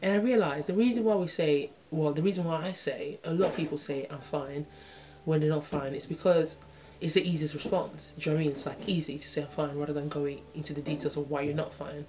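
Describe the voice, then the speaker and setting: A woman's voice: low voice, steady tone, fast, warm tone, slight background noise. A young woman in her twenties talking casually to her viewers in a reflective, chatty way, often asking "you know what I mean" and acting out small exchanges in changed voices. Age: 20s. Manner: acts out little dialogues in changed voices. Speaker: vlogger. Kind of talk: casual talk to camera.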